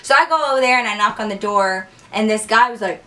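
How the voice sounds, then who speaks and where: A young woman casually telling a wild story on her vlog, animated and profane. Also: fast, far from the mic. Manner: animated, profane, acts out quotes with big pitch jumps. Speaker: storytime vlogger.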